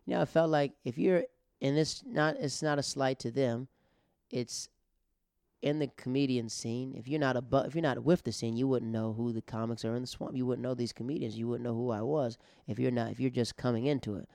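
A male comedian rambles through a story in a smooth, resonant voice at an ordinary pitch. The sound is close and dry, with no room around it. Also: fairly even intonation, brisk, a little mellow, dry recording. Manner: rambling with restarts, acting out the other people. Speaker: stand-up comedian. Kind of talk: casual storytelling.

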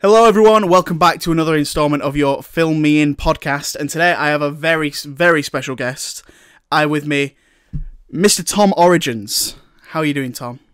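A man's voice: a little high, normal speed. A young man hosting a podcast in a bubbly, giggly way, often restarting his sentences. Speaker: podcast host.

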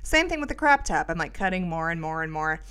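A woman's voice: low-pitched, sing-song, quick pace, a bit bright, clear, resonant tone. A middle-aged woman hosting a podcast, telling a rambling, self-mocking story with lots of fillers. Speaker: podcast host. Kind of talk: casual storytelling monologue.

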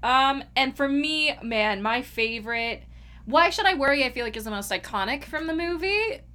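A woman's voice: high voice, animated, moderate pace, pushed and bright. A woman co-hosting a casual podcast chat, giggly and gushing as she quotes lines. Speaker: podcast co-host.

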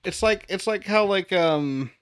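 Teasing male podcast co-host, slow talker. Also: sits high, clean tone. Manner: teasing, laughs often. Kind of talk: casual chat.

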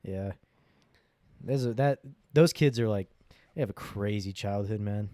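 A man's voice: lowish voice, measured pace, dark tone, no room sound. A man in his twenties telling crude stories in a casual, slangy way, often laughing and swearing. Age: 20s. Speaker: podcast host.

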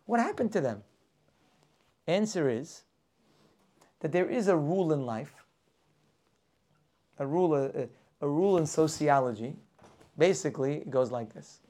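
A man teaching a lively weekly Torah class, full of rhetorical questions and acted-out characters. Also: fairly high pitch, measured pace, pauses often.

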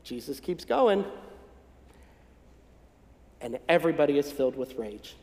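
A pastor from the northern United States delivers a folksy, gently humorous sermon in a conversational way. His voice sits fairly high for a man. The recording carries a roomy echo with a long reverb tail from a church sanctuary. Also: big pitch swings, a little slow. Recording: echoey hall with long reverb.

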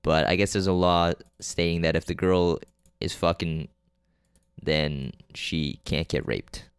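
A low-voiced man talks loosely through a movie plot on his podcast, stopping and restarting, swearing freely and forgetting names as he goes. His voice is smooth and clean, and the recording is dry and close with no room sound. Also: fairly even intonation, measured pace, dry recording. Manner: rambling and loose, with many fillers, restarts and frequent swearing; offhand and unpolished, losing names mid-sentence. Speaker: podcast host reviewing movies. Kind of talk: casual solo movie recap.

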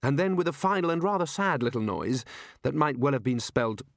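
A man reading an audiobook in a wry, measured storytelling manner. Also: mid-range voice, lively intonation, gravelly, no room sound, clean studio sound. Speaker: audiobook narrator. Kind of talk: scripted audiobook narration.

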